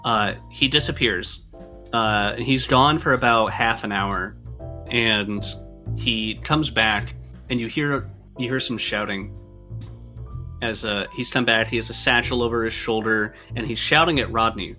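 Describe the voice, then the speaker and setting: A man narrating a tabletop game as game master, in a relaxed way with frequent fillers. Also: fairly low pitch, unhurried, soft background music.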